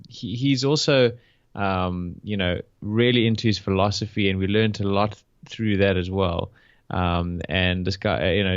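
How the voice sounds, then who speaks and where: A man co-hosts a podcast in easygoing chat, often saying "like" and "man." His voice sits fairly low. The audio is dry and slightly muffled. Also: dry recording. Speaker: podcast co-host. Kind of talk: casual chat.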